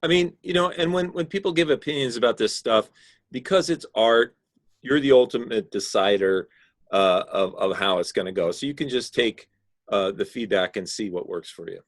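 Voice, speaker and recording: A man's voice: lowish voice, normal speed, no echo. Instructor, male, patient explainer, dry close sound on a video call. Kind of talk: giving design critique in class.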